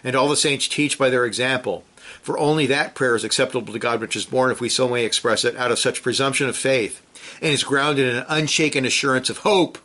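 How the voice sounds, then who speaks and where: A man's voice: medium pitch, fairly even intonation, brisk, sharp tone. A man preaching a sermon, reading scripture aloud and urging listeners with pointed rhetorical questions. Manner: earnest, urgent exhortation with rhetorical questions; reads scripture quotations aloud with rising emphasis.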